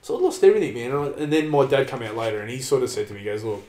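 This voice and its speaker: A man's voice: mid-range voice, rapid-fire, darkish tone, echoey room. An Australian man telling a long story in casual chat, rambling and sweary, peppering his talk with "man" and "like".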